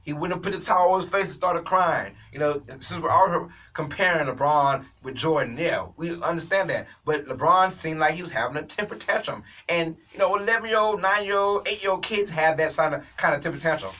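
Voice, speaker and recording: Man, sports talk host, opinionated, bright tone, a bit off-mic. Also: fairly high pitch, a little fast, few pauses, recorded from a distance, rough recording. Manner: animated, opinionated, addresses viewers as ladies and gentlemen. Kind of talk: casual sports commentary monologue.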